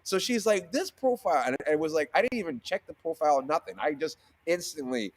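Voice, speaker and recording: A man in a casual interview, telling a story with lots of swearing and restarts. He acts out the other people in it with sudden jumps in pitch, from low and quiet to high and loud. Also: very animated, brisk. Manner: swears freely, acts out quoted voices with sharp pitch jumps; fillers and frequent restarts. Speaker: seamoss seller, guest.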